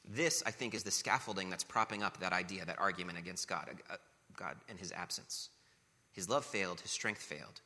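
Male pastor, sermon, fairly low voice with a very sharp, forceful edge. Earnest, repeats for emphasis, long hall reverb. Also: fairly quick. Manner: earnest, rhetorical questions, repetition for emphasis.

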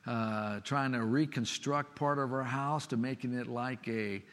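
A man preaching a sermon with expressive delivery, dropping to a soft, hushed voice for a personal story. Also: mid-range voice, a little slow. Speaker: pastor. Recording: long reverb of a large hall.

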